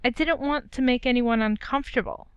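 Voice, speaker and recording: A woman's voice: fairly high pitch, a little fast, clean tone, no room sound, highs cut off, close to an everyday voice. A woman reading a story aloud and voicing a nervous, tender young man who speaks hesitantly.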